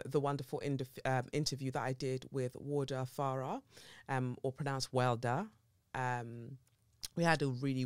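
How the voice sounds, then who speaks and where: A woman hosting a solo podcast, chatting in an animated, cheeky and profane way, with big jumps in pitch. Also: smooth, no room sound, studio quality. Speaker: podcast host. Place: podcast recording setup with a camera.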